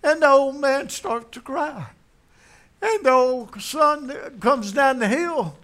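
A man's voice: extremely high pitch, lively intonation, slow, fairly bright tone. A man preaching a sermon, telling a story in a folksy way and acting out its characters. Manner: folksy, acts out voices in the story.

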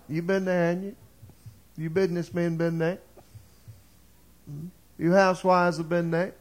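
A male preacher tells a story from the pulpit with dramatic flair, his voice sitting somewhat high for a man. He swings between hushed moments and rising, fervent appeals to his listeners. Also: level tone, measured pace, long pauses. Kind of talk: sermon.

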